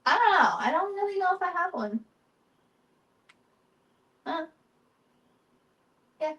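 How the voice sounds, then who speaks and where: A woman's voice: very high voice, animated, slow, bright, forceful tone, rough recording. A young woman co-hosting a podcast in casual chat, easygoing and hesitant, laughing often. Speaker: podcast co-host.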